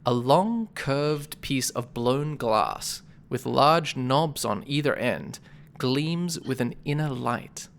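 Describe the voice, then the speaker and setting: A game master narrating a tabletop game, relaxed, with loose narration and easy laughter. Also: mid-range voice, takes it slowly, vocal fry.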